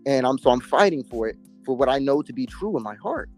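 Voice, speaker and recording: Man, mellow warm tone, emphatic, slangy, casual interview storytelling. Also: medium pitch, expressive, fast, soft background music. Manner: emphatic, profane, street slang. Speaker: interview guest.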